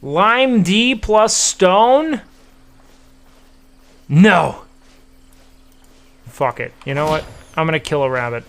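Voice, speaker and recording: A man's voice: sits high, takes it slowly, long pauses, a bit bright, clear, resonant tone. A young man streaming a game, chatting to viewers casually with profane, playful trash talk. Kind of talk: casual gameplay commentary.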